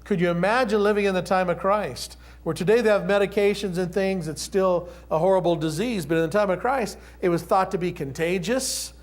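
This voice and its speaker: A middle-aged male pastor preaching in a relaxed, conversational way. His voice sits a little high for a man, and he slips into playful acted-out voices as he tells the story. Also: a little fast, hardly any pauses. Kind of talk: sermon.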